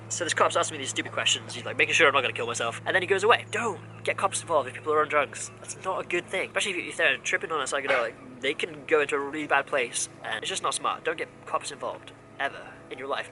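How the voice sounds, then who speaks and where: A man's voice: medium pitch, bright, forceful tone, slight background noise, rough recording. A man in his twenties telling a rambling, candid story in a casual vlog. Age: 20s. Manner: rambling, candid, rant-prone. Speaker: vlogger.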